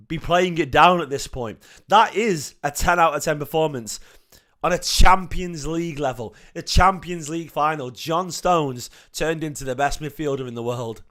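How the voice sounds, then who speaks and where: A hoarse man, talking in a slightly higher register than most men. He gushes about his team with passionate repetition, his worn-out voice cracking with feeling. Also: a bit bright. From Manchester, England. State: hoarse, lost voice. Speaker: football fan channel host. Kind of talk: emotional match reaction vlog.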